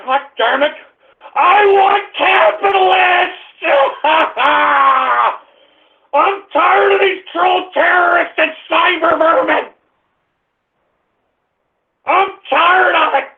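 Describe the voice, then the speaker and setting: A man hosting a radio show, ranting at callers in an exasperated, shouting manner with lots of swearing. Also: extremely high pitch, very slow, gravelly, pauses often. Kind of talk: ranting call-in radio talk. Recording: lo-fi phone-like audio.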